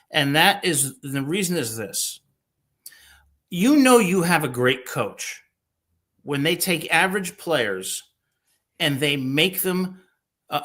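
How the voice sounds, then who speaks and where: Boisterous bright-voiced man host. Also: a little high. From New Jersey. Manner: boisterous, jokey, animated storytelling. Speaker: podcast host. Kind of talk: casual sports talk.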